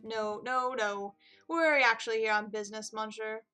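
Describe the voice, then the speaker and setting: A woman voicing an earnest male bird defense attorney who questions people in a brisk, formal way. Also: a little high, bright, forceful tone, clear, resonant tone, faint music behind.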